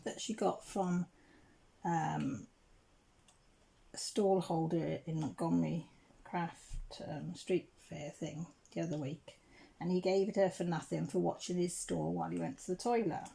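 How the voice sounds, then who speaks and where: Chatty English woman with a gravelly voice. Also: fairly low pitch, steady tone, moderate pace, warm tone. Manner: chatty, rambling, frequent throat clearing. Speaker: crafting channel host. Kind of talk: casual storytelling chat while crafting.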